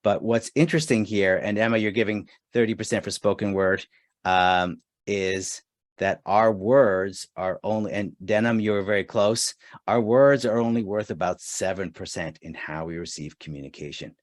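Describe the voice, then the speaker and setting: Man, low voice, dry close sound, webinar trainer, chatty, lots of uh and um. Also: normal speed, dry recording. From Canada. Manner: reads viewer chat answers aloud, conversational with fillers. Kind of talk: live online training webinar.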